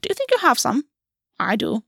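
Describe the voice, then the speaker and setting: A woman voicing a brash, clawed fae queen who mocks warmly and swears freely. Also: a little high, wildly swooping pitch, brisk, vocal fry, husky, no room sound, studio quality, pitched above the performer's own voice, exaggerated voice. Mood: playful menace. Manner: mocking yet warm, swears freely. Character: brash, teasing female fae queen, a clawed bird shifter.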